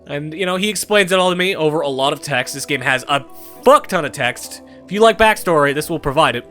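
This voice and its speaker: A young man giving irreverent let's-play commentary, animated and swearing freely. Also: a little high, fairly quick, faint music behind. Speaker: gameplay commentator.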